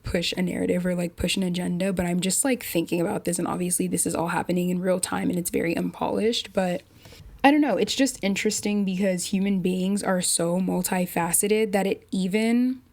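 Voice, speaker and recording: A woman hosting her own podcast, thinking out loud in a rambling, unpolished way full of fillers. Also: mid-range voice. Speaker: podcast host. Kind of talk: casual solo podcast chat.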